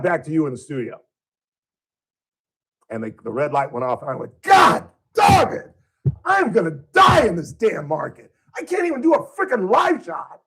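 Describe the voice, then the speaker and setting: A radio host with a husky, slightly breathy voice tells a story from his career in a loose, conversational way. He acts out his own past outbursts, and his pitch jumps high when he does. He sounds like he is speaking in a studio. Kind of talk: casual storytelling monologue.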